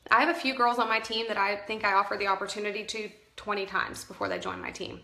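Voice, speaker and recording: A woman's voice: mid-range voice, fairly even intonation, quick pace, vocal fry, sharp tone, roomy sound. A woman coaching her sales team in a live stream, chatty and emphatic, often correcting herself mid-sentence. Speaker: direct sales team leader. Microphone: phone camera.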